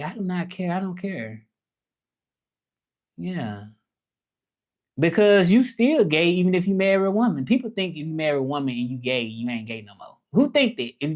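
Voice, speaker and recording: A man with a Southern US accent chatting casually on a livestream, reading viewer comments and talking straight to the audience. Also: on the high side. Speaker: livestreamer and language teacher.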